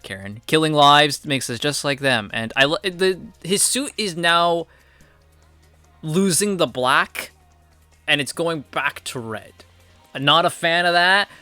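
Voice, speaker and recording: Bright, profane young man recapping a show. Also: medium pitch, clean tone, no room sound. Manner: profane, blunt, rambling with fillers. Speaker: TV episode reviewer. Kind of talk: casual recap monologue.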